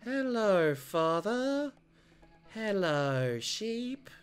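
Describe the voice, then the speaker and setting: A man voicing a pair of creepy twin children in a video game, speaking slowly in an eerie, drawn-out sing-song. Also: high voice, very animated, clear, resonant tone, pitched above the performer's own voice, full character voice.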